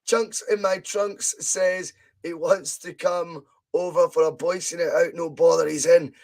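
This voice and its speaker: A man's voice: fairly high pitch, fairly even intonation, unhurried, darkish tone. A Scottish man hosting a casual live podcast, chatty and laughing often, his voice a bit strained. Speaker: podcast host.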